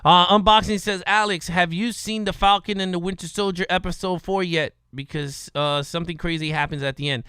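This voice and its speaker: A man's voice: sits high, fairly even intonation, brisk, few pauses, sharp tone, smooth, no room sound, studio quality. A man co-hosting a podcast, laid-back, reading out viewer comments in casual chat.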